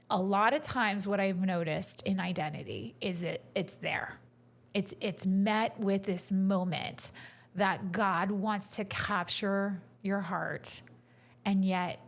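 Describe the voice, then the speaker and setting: Storytelling woman, hushed at times. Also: mid-range voice, gravelly. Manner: storytelling, dropping to a whisper at tender moments. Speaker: podcast co-host and coach. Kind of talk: faith-based casual conversation.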